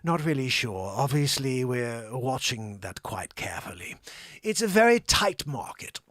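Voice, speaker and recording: A man putting on a slow, cautious older male central banker with a clenched lockjaw drawl. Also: mid-range voice, big pitch swings, fairly bright tone, dry recording, voice pushed down. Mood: hedging. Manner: slow, cautious, hedging delivery.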